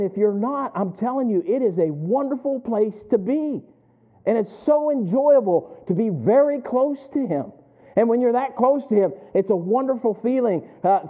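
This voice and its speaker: A man preaching a sermon, telling stories and asking the congregation to finish his phrases. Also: high voice. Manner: animated storytelling, asks the congregation to fill in words. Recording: tinny phone-like sound.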